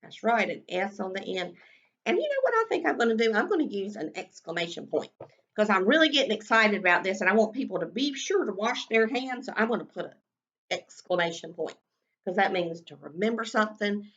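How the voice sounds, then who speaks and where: A woman's voice: mid-range voice, very animated, fairly bright tone, highs cut off. Woman teaching kindergarten writing. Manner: slow, sing-song teacher talk, stretching out sounds. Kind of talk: recorded writing lesson for young children.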